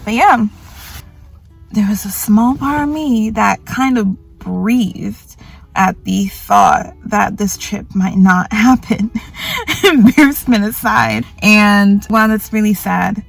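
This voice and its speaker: Rambling young woman with a gravelly voice. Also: mid-range voice, slow, faint music behind. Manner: rambling, self-mocking, quotes others in put-on voices. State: tired. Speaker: vlogger. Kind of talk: casual confessional vlog. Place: grocery store.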